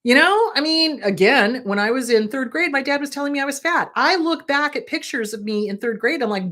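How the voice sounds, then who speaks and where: A middle-aged woman therapist hosting a show, giving casual advice in a blunt, animated way, swearing for emphasis and checking in with the listener. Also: high-pitched, brisk, few pauses. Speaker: therapist, podcast host.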